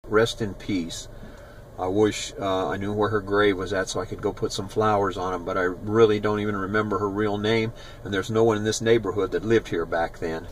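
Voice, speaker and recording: On a rough recording with slight hiss or hum, a YouTube vlogger in his sixties leads a walking tour down a residential street, pointing out spots and telling old stories in a loose, chatty way. His voice sits on the low side, level in tone, at a moderate pace.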